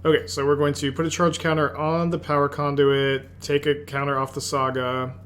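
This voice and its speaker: A man's voice: a little high, level tone, moderate pace, fairly bright tone, a little hiss or hum. Man muttering through an online card game. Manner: musing, self-correcting, half-muttered asides. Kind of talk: thinking aloud while playing.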